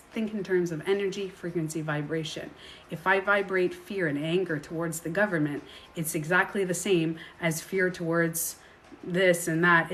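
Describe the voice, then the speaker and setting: A woman's voice: on the low side, a little hiss or hum. A woman coach talking straight to the viewer in a chatty, rambling way, now and then acting out other people's voices. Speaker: self-projection coach. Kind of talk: casual direct-to-camera monologue.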